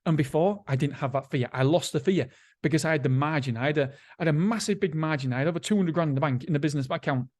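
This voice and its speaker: A man with a somewhat high-pitched speaking voice hosts a casual motivational podcast. He talks bluntly and swears freely. He circles back on his own points and restarts sentences as he goes. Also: quick pace, a little mellow. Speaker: podcast host.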